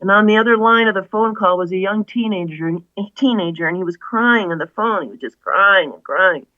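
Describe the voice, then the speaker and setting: A woman's voice: mid-range voice, fairly quick, no echo, phone-quality sound. A woman, an author guest, earnestly retelling a story in an interview, with many asides.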